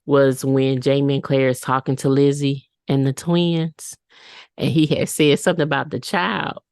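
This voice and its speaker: A woman's voice: a bass voice, flat delivery, normal speed, darkish tone, clean tone, no room sound. A woman co-hosting a podcast in casual chat, talking emphatically as she recaps a TV episode. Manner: emphatic, acts out characters' lines. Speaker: podcast co-host.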